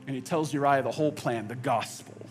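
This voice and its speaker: A man preaching a sermon in a conversational way, with halting restarts, dropping to quiet intensity and rising to loud outbursts. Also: medium pitch, soft background music. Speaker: pastor. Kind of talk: sermon with acted-out quotes.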